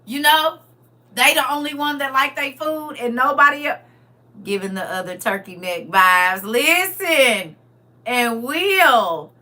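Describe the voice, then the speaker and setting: A middle-aged livestream host speaks slowly in a high-sitting voice, chatting casually with her viewers. Even so, she's blunt and animated, addressing them as "y'all" and "baby."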